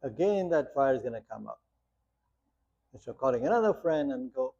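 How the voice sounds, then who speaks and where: Gravelly man teaching meditation. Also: medium pitch, lively intonation, normal speed, mellow. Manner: plain storytelling with rhetorical questions. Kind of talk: guiding a meditation talk. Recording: muffled lo-fi sound.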